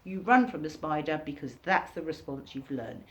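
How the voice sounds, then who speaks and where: A woman giving an informal recorded workshop lesson, talking casually and acting out reactions in sudden high bursts. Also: expressive, moderate pace, fairly bright tone. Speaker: workshop teacher.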